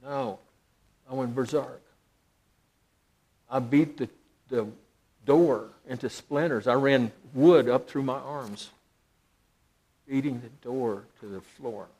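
Preaching slowly in a medium-pitched voice, a middle-aged man who is a pastor recounts something from his own life. His delivery swings dramatically from booming emphasis to quiet, nearly whispered phrases.

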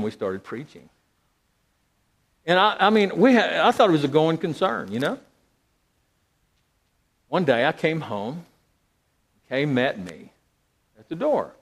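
A middle-aged man, a pastor, telling a personal story in a sermon, swinging dramatically between loud emphasis and hushed, near-whispered lines. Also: medium pitch.

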